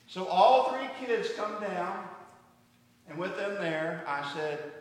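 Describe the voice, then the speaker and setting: A man's voice: on the high side, a little slow. A middle-aged man preaching a sermon as pastor, earnest, often asking the congregation rhetorical questions. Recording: echoey hall from far off.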